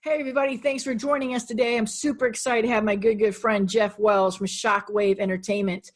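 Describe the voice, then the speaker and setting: A woman's voice: on the high side, fairly even intonation, a little fast. A woman hosting an interview podcast, upbeat and speaking straight to her listeners. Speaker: podcast host.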